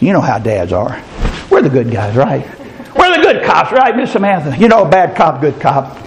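A man's voice: fairly high pitch, wildly swooping pitch, moderate pace. A middle-aged man, preaching a folksy, fervent sermon and calling out to listeners by name.

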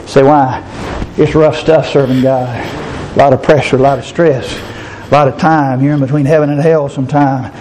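A man preaching a sermon in church, swinging from shouted climaxes down to quiet, low asides. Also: fairly even intonation, moderate pace, slight background noise, poor audio.

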